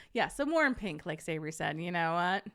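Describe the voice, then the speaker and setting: A woman's voice: on the low side, fairly bright tone. A young adult woman hosting a podcast, casually reading a story aloud to her live chat and laughing often. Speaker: podcast host reading stories.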